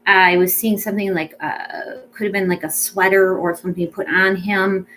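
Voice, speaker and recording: A woman's voice: medium pitch, steady tone, moderate pace, slight background noise, poor audio. Chatty woman giving a pet psychic reading. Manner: chatty and rambling, full of ums and likes; gentle and reassuring. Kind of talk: casual spoken mediumship reading.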